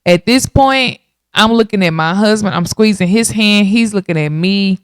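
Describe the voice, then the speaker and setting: A woman in her thirties hosting a podcast, telling her own story in a casual, animated way and talking straight to her listeners. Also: medium pitch, moderate pace, clear, resonant tone, no echo, clean studio sound. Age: 30s. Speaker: podcast host.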